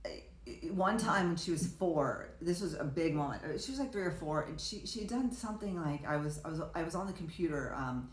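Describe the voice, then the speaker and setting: A low-pitched woman chats on a podcast, rambling and restarting as she tells her stories. She acts out what people said. The room gives her voice a roomy echo. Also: expressive, fairly quick. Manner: rambling storyteller, many restarts, acts out quotes. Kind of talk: casual conversation.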